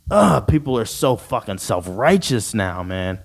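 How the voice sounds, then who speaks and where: A man's voice: on the low side, sing-song, moderate pace, vocal fry, few pauses. A man hosting a podcast, reading listener comments aloud and ranting bluntly in profane slang. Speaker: podcast host.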